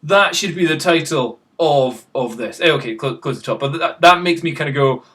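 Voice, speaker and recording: Guy vlogging off the cuff, bit higher voice, rambly and jokey about himself. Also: animated, a little fast, few pauses, fairly bright tone. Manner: rambling, self-mocking, with chuckles. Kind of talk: casual chat to camera.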